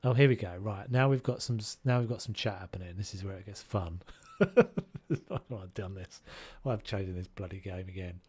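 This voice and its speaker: A man's voice: low-pitched, normal speed, darkish tone, husky. A man with a Scottish accent, chatting casually and joking at himself while live-streaming a game. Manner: joking, self-mocking, swears mildly.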